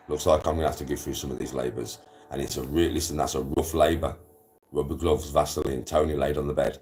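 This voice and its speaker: A man's voice: rumbling low, steady tone, quick pace, a little mellow, soft background music. A man streaming casually, rambling and swearing, laughing often as he retells conversations. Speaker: golf streamer. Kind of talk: casual live stream chat.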